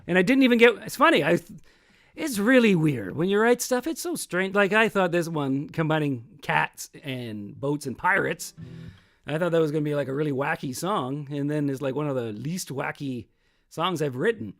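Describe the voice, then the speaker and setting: A man's voice: fairly high pitch, expressive, normal speed, a bit bright, soft background music. A man hosting his own livestream as a singer-songwriter, chatting casually between songs in a rambling, self-mocking way that often trails off.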